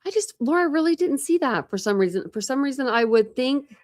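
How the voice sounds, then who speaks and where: A woman's voice: high-pitched, lively intonation, fairly quick, a little mellow. A woman hosts a casual true crime livestream in a chatty, meandering way. She piles on fillers and restarts as she talks loosely to her viewers. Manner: rambling, filler-heavy, chatty. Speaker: true crime channel host.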